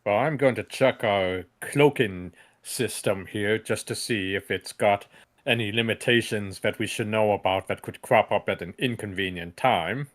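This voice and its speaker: A man playing a tabletop game as the party's engineer, measured and playful. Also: fairly low pitch. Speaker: player. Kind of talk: casual tabletop play.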